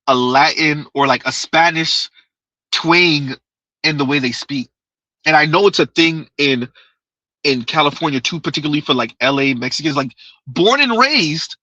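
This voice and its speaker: Chatty, bright-voiced man on a livestream. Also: a little high, no room sound, lo-fi sound. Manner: rambling, repeats himself, laughs often. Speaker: livestream host. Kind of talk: casual live chat reading comments.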